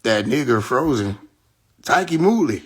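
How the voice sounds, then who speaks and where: A man's voice: medium pitch, sing-song, unhurried. A man hosting a livestream, ranting heatedly and profanely straight at his viewers. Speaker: livestream host. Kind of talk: casual livestream rant.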